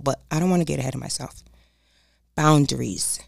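In a low, gravelly voice at normal speed, this motivational speaker hammers on boundaries, repeating herself emphatically and addressing listeners as "y'all." The recording is dry and studio quality.

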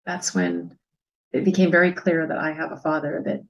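A woman in her fifties telling a personal story as an interview guest, soft and reflective, pausing often with hesitant fillers. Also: low-pitched, big pitch swings, dull audio.

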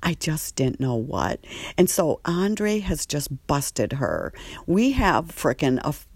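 A woman tells a personal story slowly and chattily, in a lowish voice. She laughs often, fills pauses with um and sometimes drops to a whisper, and the sound is dry and close. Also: very animated, darkish tone, slightly rough, no echo. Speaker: former treatment patient telling her story.

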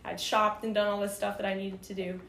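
A young woman casually telling a story, animated and full of fillers, acting out quoted dialogue. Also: medium pitch, a little fast, creaky. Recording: roomy echo with faint background noise.

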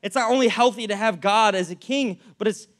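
Young male pastor, high voice, lively preaching with anecdotes. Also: a little fast. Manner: animated, acts out anecdotes, many fillers. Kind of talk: sermon with storytelling.

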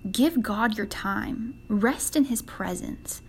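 A woman's voice: a little high, takes it slowly, husky. A young woman hosting a devotional podcast for women, speaking in an earnest, conversational way. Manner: earnest and conversational, acts out quoted prayers. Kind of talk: casual devotional talk.

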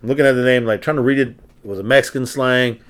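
A man co-hosting a casual podcast, telling stories in an animated way, laughing and swearing. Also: medium pitch, fast, clear, resonant tone. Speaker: podcast co-host. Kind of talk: casual chat, storytelling.

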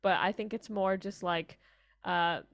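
A woman's voice: mid-range voice, steady tone, unhurried, dry recording. Young American woman, rambly guest, chatty, dry close recording. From Colorado, United States. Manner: rambling, heavy "like" fillers, acts out quoted voices. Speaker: interview guest, music student. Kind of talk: casual chat.

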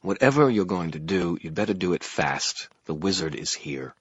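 A man voicing a sharp-tongued young man with a dry, edgy, sarcastic manner. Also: low-pitched, a little fast, husky, no room sound, lo-fi sound, voice pushed up, full character voice.

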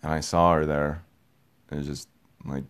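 A young man talking in a casual, rambling monologue, repeating himself, getting excited and swearing offhand. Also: a bass voice, normal speed, clear, resonant tone. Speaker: podcast host.

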